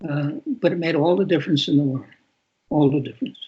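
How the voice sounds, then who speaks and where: A man's voice: on the high side, fast. An older man, a guest author, telling reflective stories in a podcast interview and often restarting his sentences. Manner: reflective storytelling with frequent restarts. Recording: dull lo-fi sound.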